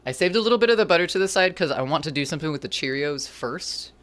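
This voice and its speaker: A fast-talking cooking streamer with an expressive, medium-pitched voice that's a bit bright chats casually with viewers as they cook. They ramble and tease themselves over their mistakes with self-deprecating humor.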